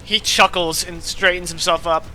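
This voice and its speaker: A man's voice: high-pitched, flat delivery, normal speed, sharp tone, slight background noise. A man narrating as game master in a loose, filler-heavy way.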